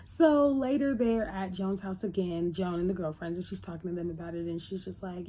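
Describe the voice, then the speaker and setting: A woman's voice: lowish voice, a little fast, mellow, slight background noise. A woman casually recapping a TV episode in a loose, chatty retelling. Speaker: TV reviewer.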